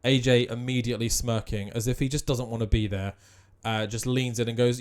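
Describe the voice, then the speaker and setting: A man's voice: mid-range voice, steady tone, brisk, few pauses, a little mellow, soft background music. A man giving casual, offhand commentary on a wrestling game.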